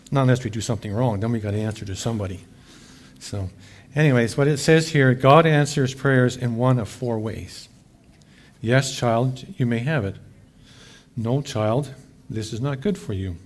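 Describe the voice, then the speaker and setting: A man's voice: mid-range voice, a little mellow, slight background noise. A middle-aged man giving a casual, folksy sermon as pastor, chatty and fond of saying "eh.".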